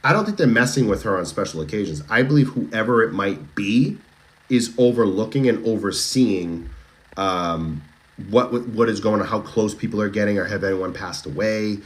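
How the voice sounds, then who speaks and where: Guy with a boston accent running a true crime live stream, deep voice, chatty, keeps restarting sentences and throwing questions at chat. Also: lively intonation, moderate pace. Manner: chatty, with frequent restarts and direct questions to viewers. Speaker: true crime livestream host. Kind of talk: casual live-stream chat reading viewer comments.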